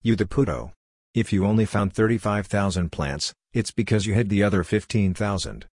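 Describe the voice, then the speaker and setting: A blunt, confrontational woman who runs a rough crew, as a male audiobook narrator reads her. The voice stays deep and husky, close and dry. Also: normal speed, a little mellow, no echo. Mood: hostile. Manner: curt, confrontational. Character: blunt tough female crew boss.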